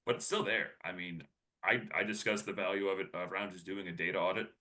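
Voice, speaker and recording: A man's voice: low-pitched, steady tone, fast, sharp tone. A man co-presenting a webinar, talking casually and rambling with lots of fillers and restarts.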